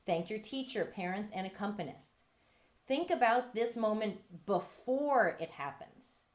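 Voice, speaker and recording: An unhurried woman runs a music teachers' workshop in a lively, emphatic manner. Her voice rises and falls sharply as she acts out quotes.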